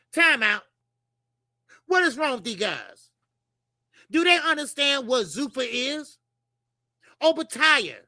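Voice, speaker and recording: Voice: high voice, bright, forceful tone, no echo, studio quality. A boxing talk show host giving heated commentary, blunt and profane, firing rhetorical questions at viewers.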